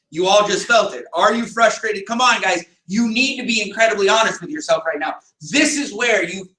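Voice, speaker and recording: High-voiced man giving an emphatic pep talk. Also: pushed and bright. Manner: emphatic, rhetorical questions, bursts of raised voice. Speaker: business team leader. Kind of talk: motivational team meeting talk. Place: meeting room with a group. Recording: echoey room, picked up from a distance.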